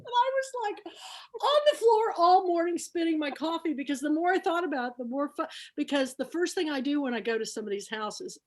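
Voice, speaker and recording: High-voiced woman telling a funny story. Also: brisk. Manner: animated anecdote-telling, laughing often. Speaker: book club host. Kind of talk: casual storytelling on an online show.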